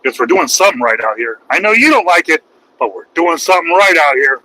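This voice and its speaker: A middle-aged man, a truck driver, ranting loud, profane and mocking on a livestream. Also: fairly high pitch, animated, fast, a little hiss or hum, poor audio. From United States. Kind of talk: livestream rant.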